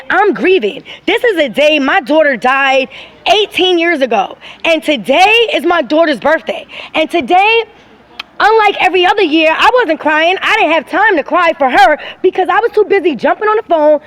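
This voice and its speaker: A middle-aged woman filming a personal vlog on her phone, upset and talking in an emphatic, rambling, aggrieved way. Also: very high voice. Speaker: vlogger filming her own channel.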